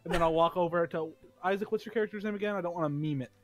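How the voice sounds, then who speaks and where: A man playing in a tabletop game, describing his character's actions in a hesitant, halting way. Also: high voice, faint music behind. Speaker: player. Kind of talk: tabletop role-play.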